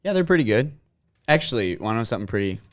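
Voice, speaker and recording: A man's voice: fairly low pitch, very animated, very fast, no room sound. A man from Minnesota with a Minnesota accent, chatting candidly as a podcast guest, rambling and self-deprecating. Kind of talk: casual chat.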